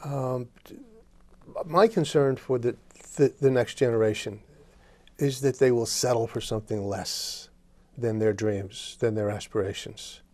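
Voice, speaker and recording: A man's voice: medium pitch, a little mellow, dry recording. A man hosting a studio interview, asking earnest, searching questions while stumbling over his words. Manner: earnest, halting, many restarts. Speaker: talk show host.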